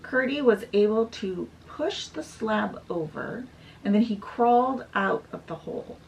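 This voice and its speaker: Chatty woman retelling a fairy tale, gravelly fry in her voice, sounds a bit far from the mic, pitched a touch high. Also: lively intonation, unhurried, slight background noise. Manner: chatty retelling with "she's like" quotes. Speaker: book vlogger. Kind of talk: casual storybook summary.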